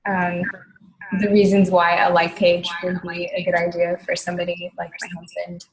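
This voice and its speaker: A woman on a team video call who asks questions in a halting way, searching for her words. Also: fairly low pitch, monotone. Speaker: team member asking questions. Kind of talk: casual video call chat. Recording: echoey room over a video call.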